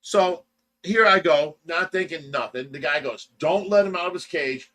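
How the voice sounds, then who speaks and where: A man hosting a casual livestream, telling a story with animated shouts and quick impressions, in a Midwestern American accent. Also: on the high side. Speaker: show host telling a story.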